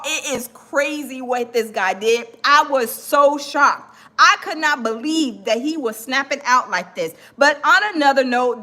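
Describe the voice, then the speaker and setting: A woman with a high-pitched, pushed, bright voice hosts a casual gossip livestream as a YouTuber, rambling and chatting with lots of fillers and hold-ons while she hunts for clips.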